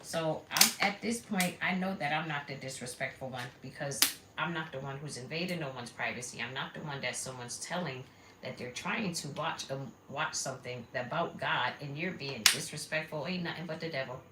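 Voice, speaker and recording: A woman's voice: sits low, moderate pace. A woman live streaming, telling a rambling personal story in a blunt, repetitive, conversational way. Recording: echoey room with steady background noise.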